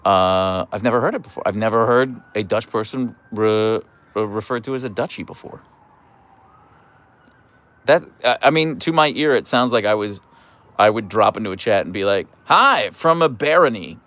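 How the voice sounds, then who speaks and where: A young man hosting a casual live stream and answering chat in a playful, animated way, with mock outrage and stammered restarts. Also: fairly low pitch, moderate pace. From United States. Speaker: livestream host reading chat.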